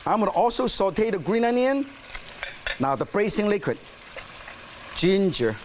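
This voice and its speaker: A man's voice: sits high, a little hiss or hum. A man hosting a cooking show, demonstrating a dish in a studio kitchen with playful energy, coaxing his audience along.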